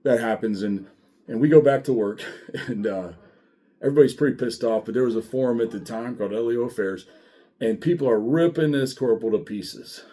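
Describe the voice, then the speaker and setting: A middle-aged man who once worked as a sheriff's deputy talks straight to the camera in a casual monologue. His delivery is blunt and full of swearing, and it stays lively and animated throughout. His voice sits in an ordinary middle pitch. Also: fairly quick. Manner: blunt, profane, animated storytelling.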